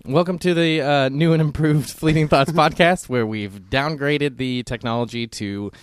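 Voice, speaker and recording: A man's voice: fairly high pitch, moderate pace, clear, resonant tone, dry recording, studio quality. A man hosting a podcast in casual comedic chat, joking and swearing casually into a headset. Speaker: podcast host.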